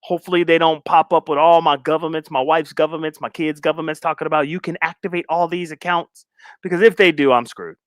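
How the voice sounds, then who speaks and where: A man's voice: fairly high pitch, fairly even intonation, quick pace, no room sound, clean studio sound. A man hosting a casual live stream, talking loosely in slang and repeating his phrases while he shares his screen. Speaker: live stream commentary host.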